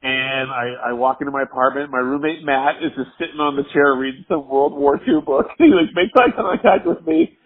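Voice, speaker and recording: A man's voice: medium pitch, expressive, fairly quick, few pauses. A drunk man telling a rambling, profane story over the phone, laughing often. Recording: muffled phone line.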